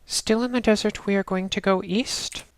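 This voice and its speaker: A woman narrating a game walkthrough in a steady, instructional way, talking the player through each step. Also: mid-range voice, normal speed. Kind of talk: casual let's-play walkthrough narration.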